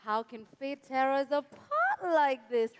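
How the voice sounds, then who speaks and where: Actress as a madcap society girl, high and slow, melodramatic stage delivery. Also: huge pitch swings, background noise, full character voice. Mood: gushing. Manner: gushing, melodramatic. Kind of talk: stage comedy acting. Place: theatre stage.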